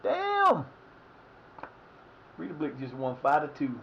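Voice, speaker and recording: A man's voice: fairly high pitch, animated, fairly quick, highs cut off, slight background noise. A man streaming a soccer management game, cursing and exasperated as he talks to himself. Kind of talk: live game commentary.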